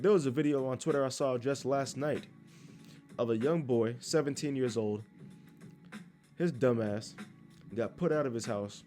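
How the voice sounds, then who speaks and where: A man delivers a rough, profane sermon, reading scripture aloud and scolding listeners without restraint. His voice sits at an ordinary middle pitch, with faint music playing underneath. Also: darkish tone. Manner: blunt, crude, scolding, reads verses aloud. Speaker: street preacher.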